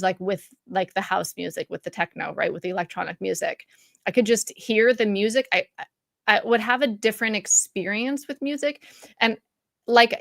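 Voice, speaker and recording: A woman's voice: medium pitch, gravelly, no room sound. Chatty middle-aged woman, dry sound. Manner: chatty, rambling with many fillers and restarts. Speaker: YouTube live stream host. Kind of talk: casual live-stream chat reading comments. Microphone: studio mic for content creation.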